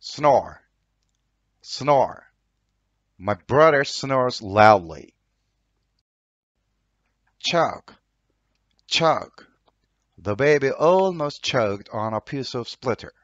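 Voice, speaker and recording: A man's voice: medium pitch, animated, extremely slow, long pauses, no room sound, dull audio. A man with a Turkish accent teaching English vocabulary, saying each word twice and reading an example sentence. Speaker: language teacher.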